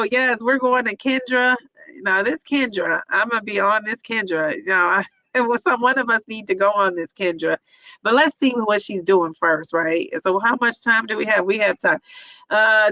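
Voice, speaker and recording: Bubbly woman streamer reading chat out loud, bright voice, dry close sound. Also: on the high side, no echo, rough recording. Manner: upbeat, cheering viewers on by name; reads comments aloud and reacts to them. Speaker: livestream host reading chat comments. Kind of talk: casual livestream chat.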